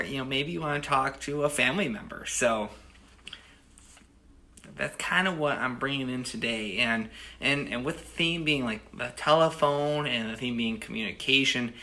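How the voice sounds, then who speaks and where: A man's voice: mid-range voice, bright, forceful tone. A man in his thirties from the United States, telling a personal story casually, rambling with many restarts and "you know"s. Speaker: storyteller and host.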